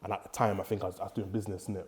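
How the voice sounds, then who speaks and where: Fast-talking Bristol man in street slang. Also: low voice. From England. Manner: animated storytelling in street slang, acting out quoted voices. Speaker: podcast guest, prison officer. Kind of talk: casual chat.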